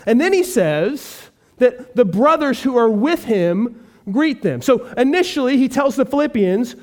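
A man's voice: very high voice, big pitch swings, measured pace. A male pastor preaching a sermon, earnest and emphatic, repeating key phrases for weight.

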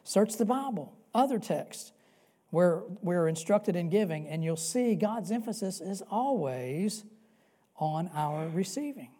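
A man preaching a sermon in a warm, mellow voice. He presses his points earnestly and repeats key phrases. He drops to soft, hushed passages, then rises to loud, emphatic peaks. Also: high voice, expressive, a little slow. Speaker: pastor.

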